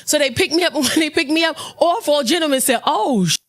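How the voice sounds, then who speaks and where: Brash, loud woman comic on stage. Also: high voice, fast talker. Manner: brash, loud, profane, punchy delivery. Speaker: stand-up comedian. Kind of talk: stand-up comedy storytelling. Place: comedy club stage. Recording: noisy live club recording. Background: audience laughter.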